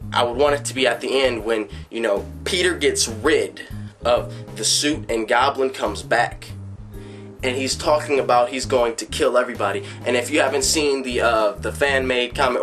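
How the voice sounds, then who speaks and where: A man with a mid-range voice talking casually and excitedly, rambling through his ideas with lots of fillers and restarts. He jumps into bits of dialogue as he goes, his pitch shooting up when he gets worked up. Faint guitar music sits underneath. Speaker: fan vlogger. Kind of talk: casual fan commentary.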